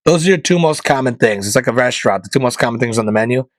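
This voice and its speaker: A man's voice: lively intonation, very fast, no echo, rough recording. Ranting male podcast host, dry sound. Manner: opinionated, emphatic, jumps between loud punchlines and low mutters. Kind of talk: comedic monologue rant.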